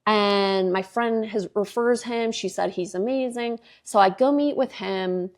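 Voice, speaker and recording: A woman's voice: medium pitch, a little slow. Chatty, exasperated woman podcast host. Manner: chatty, exasperated, swears freely, acts out quoted dialogue. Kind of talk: casual storytelling monologue.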